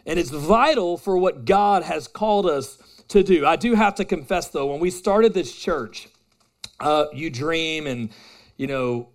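A man's voice: a little high, unhurried. Casual, talkative male pastor preaching. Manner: casual, self-deprecating and conversational with the congregation. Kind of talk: sermon. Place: church hall with a live congregation.

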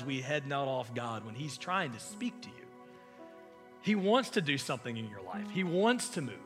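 Man, pastor, sermon, bright forceful voice, impassioned, loud and hushed in turns. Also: a little high, expressive, normal speed, soft background music. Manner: impassioned, swinging from loud emphasis to hushed asides.

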